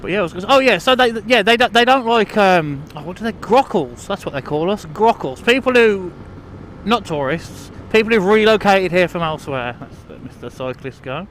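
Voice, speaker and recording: High-voiced man rambling outdoors. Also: expressive, fairly quick, fairly bright tone, a little hiss or hum. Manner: chatty, self-deprecating, full of restarts and fillers. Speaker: vlogger. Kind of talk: casual rambling monologue. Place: outdoors on country lanes, riding a bike.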